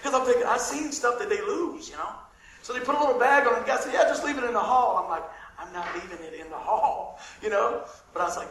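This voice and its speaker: A male pastor telling a lively story in a sermon, acting out the dialogue and laughing often. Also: extremely high pitch, brisk, roomy sound, a little hiss or hum, poor audio.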